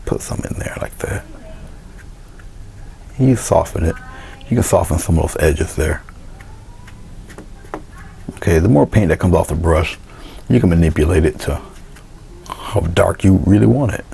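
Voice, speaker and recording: A man with a low, gravelly voice walks through a painting demonstration in a relaxed, step-by-step way. He drifts into soft asides while he works at the easel. A faint hiss sits under the indoor studio recording. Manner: relaxed, talks through each step, trails into quiet asides. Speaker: painting instructor.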